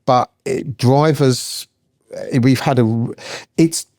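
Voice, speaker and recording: A man's voice: mid-range voice, slow pace, darkish tone, no room sound, clean studio sound. A man in his sixties, guest on a podcast, talking in a rambling, chatty way with lots of fillers and restarts. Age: 60s. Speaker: guest, founder and accountant. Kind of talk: casual podcast interview.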